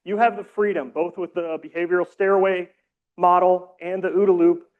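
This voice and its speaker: A man leading a community training session, explaining calmly with casual, self-deprecating asides. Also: high-pitched, normal speed, narrow, tinny audio. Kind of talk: training presentation.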